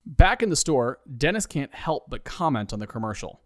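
A man's voice: medium pitch, big pitch swings, normal speed, no echo. Wry male comedy narrator. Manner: dry, wry storytelling.

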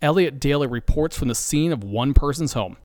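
A man tells a comic story with a playful, deadpan delivery. His pitch moves around a lot, and the sound is close and dry. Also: a little fast, no echo. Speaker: narrator and comedian. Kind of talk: comedic story narration.

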